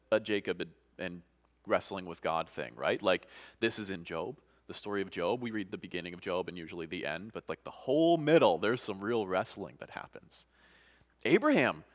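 A male pastor giving a sermon in an earnest, conversational way, at a middle pitch. He often restarts phrases and checks in with the listeners. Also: fairly bright tone.

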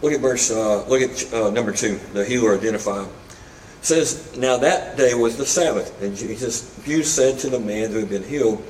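Conversational preacher in an echoey room. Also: male voice, mid-range voice, normal speed, a little mellow, a little hiss or hum. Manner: conversational preaching with casual asides and humor. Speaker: pastor. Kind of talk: sermon. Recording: echoey room, mic at a distance.

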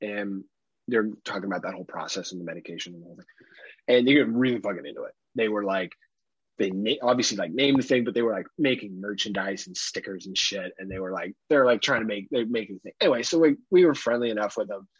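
A man's voice: lowish voice, fast, breathy edge, dry recording, highs cut off. A man co-hosting a podcast who tells stories in a casual chat, acting out other people's lines, laughing often and swearing casually. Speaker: podcast co-host.

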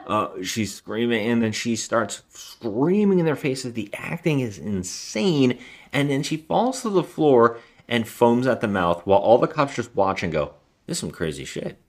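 A man's voice: mid-range voice, very animated, measured pace. A man co-hosting a casual film review podcast, animatedly retelling scenes and acting out the lines. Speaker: podcast co-host.

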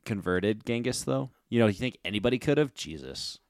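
A young man riffing playfully in casual podcast banter, his pitch swinging in a lively way. The recording is dry and close. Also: fairly quick, dry recording. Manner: playful, riffing, laughing often. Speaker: podcast co-host.

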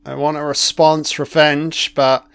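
A man's voice: fairly high pitch, little pitch movement, unhurried, gravelly, a bit bright, smooth, no echo. A man giving casual reaction commentary over an old broadcast, blunt and heavy on swearing, thinking aloud as he goes.

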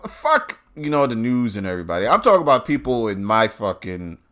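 A man's voice: medium pitch, very animated, fairly quick, a bit bright. A man hosting his own show, ranting bluntly and swearing constantly, recorded in a car. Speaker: podcast host. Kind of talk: profane ranting commentary.

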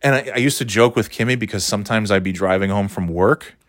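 A man's voice: lowish voice, fast talker, dry recording. A man hosting a solo podcast, rambling in a sarcastic, profane way while talking into his phone as he walks. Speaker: podcast host. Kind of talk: casual solo podcast monologue. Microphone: phone held while walking.

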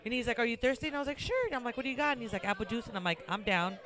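A woman's voice: a little high, lively intonation, very fast, fairly bright tone. A woman hosting a podcast in casual chat, telling stories animatedly, acting out both sides and swearing freely. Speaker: podcast host.

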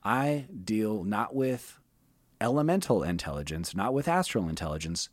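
A man talking casually as a podcast guest, animated and profane, slipping into quick mocking voices. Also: fairly low pitch, no echo. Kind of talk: casual chat.

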